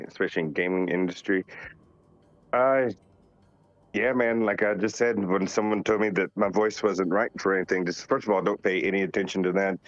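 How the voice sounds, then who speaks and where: A man from North Carolina, a voice actor reading out fan questions and answering them in a relaxed, joking way. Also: deep voice, dry recording. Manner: laid-back, joking, reads questions aloud. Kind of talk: casual live Q&A. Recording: dull lo-fi sound with faint music behind. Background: faint music.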